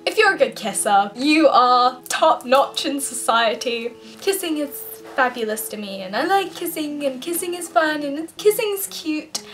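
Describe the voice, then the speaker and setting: A woman's voice: high voice, expressive, moderate pace, a bit bright, faint music behind. A young woman from England vlogging casually to camera, bubbly and giggly, laughing often between points.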